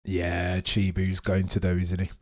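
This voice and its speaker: A man's voice: deep voice, a little slow. A man hosting a live watchalong stream, rambling and joking as he chats with viewers, sometimes eating as he talks. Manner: rambling, jokey, excitable, talks to chat; eating while talking. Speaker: livestream host.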